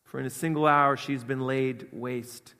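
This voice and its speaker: A man preaching a sermon with earnest emphasis, swinging between loud stresses and quiet asides. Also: medium pitch, fairly even intonation, unhurried, clean tone. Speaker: pastor. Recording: long hall reverb.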